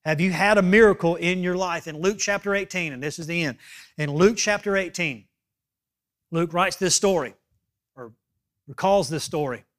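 In a voice that sits high, a male preacher gives a forceful sermon, alternating hushed asides with loud appeals and frequently checking in with "okay?".

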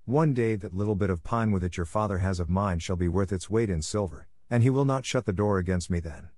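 A man's voice: mid-range voice, animated, normal speed, a little mellow, dry recording, natural voice. A man reading an earnest dreamy boy.

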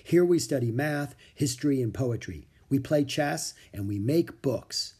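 Calm formal monk for a storybook, voiced by a man, husky, expressive. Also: mid-range voice, unhurried, heavily acted. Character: calm, welcoming grown male monk. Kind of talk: storybook reading.

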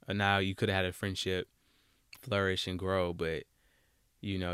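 Male podcast host, young, blunt and animated; smooth, resonant, lowish voice, dry close sound. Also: no room sound. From Alabama, US South. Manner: blunt, animated, repeats words when worked up. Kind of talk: solo podcast monologue.

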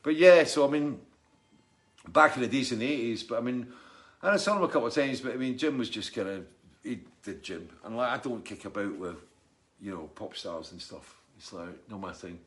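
A man's voice: mid-range voice, expressive, a little fast, fairly bright tone. A middle-aged man, casually chatting and telling rambling stories while reading out viewer comments on a live stream. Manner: rambling storyteller, chatty and jokey. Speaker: musician hosting a live stream.

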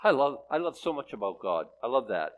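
A male pastor delivers a sermon in a loose, conversational way. He reads scripture and then talks it through with a sarcastic edge, in an ordinary mid-pitched voice. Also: sing-song, fairly quick. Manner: conversational and sarcastic, with jokes and laughs.

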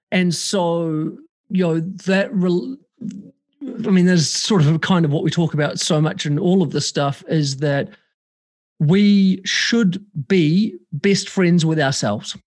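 A man chatting casually as a podcast guest over a remote call, animated and swearing freely, acting out quoted voices. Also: on the high side.

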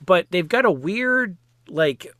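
Bright-voiced man chatting about a film. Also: high voice, animated, takes it slowly, no room sound, clean studio sound. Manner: chatty, wry, fillers like "like". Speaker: podcast guest or co-host. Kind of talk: casual film discussion.

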